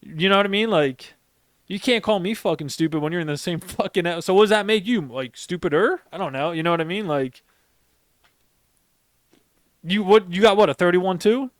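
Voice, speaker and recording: A man's voice: sits high, moderate pace, no echo, clean studio sound. A young man and former Marine sergeant who hosts a podcast. He tells stories in a rambling, emphatic way and swears heavily. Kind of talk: casual storytelling chat.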